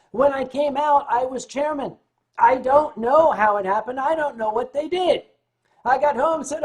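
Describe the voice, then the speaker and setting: A male livestream host chats casually with his viewers and answers chat, telling stories with big swings in pitch and loudness at normal speed. When the topic turns serious, he stumbles and restarts.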